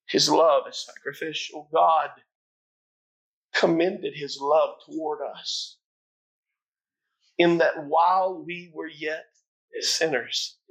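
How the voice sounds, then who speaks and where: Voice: mid-range voice, takes it slowly, pauses often, low-quality recording. A preacher delivering a sermon in a dramatic, impassioned storytelling manner.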